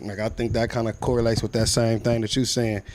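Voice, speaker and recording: A young man with a Compton, Los Angeles accent, hosting a casual podcast chat in rapid slang, full of "you know what I'm saying". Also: lowish voice, little pitch movement, a little mellow, slight background noise. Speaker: podcast host.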